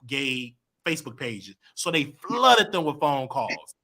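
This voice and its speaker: A man telling a personal story as a guest, animated and expressive, jumping into loud voices when quoting people. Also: mid-range voice, a little slow. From Chicago.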